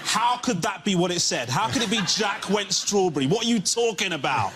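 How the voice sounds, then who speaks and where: A man on a comedy panel show, ranting in an exasperated stand-up style that rises to near shouting. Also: high-pitched, expressive, fairly quick, hardly any pauses, loud music behind the voice. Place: television studio with audience.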